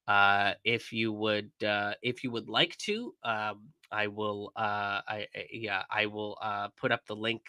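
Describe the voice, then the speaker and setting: Young man, live-stream commentary, angry and profane, bright forceful voice, dry close sound. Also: lowish voice, unhurried, few pauses, clean tone, dry recording. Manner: angry, profane, emphatic with many fillers.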